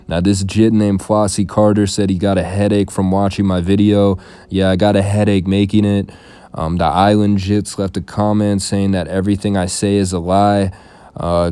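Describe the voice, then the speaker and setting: A man hosting a commentary channel, reading viewer comments aloud and answering them in a dry, deadpan way. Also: deep voice, clear, resonant tone, no room sound. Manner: deadpan, dry monotone delivery. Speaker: YouTube commentary host.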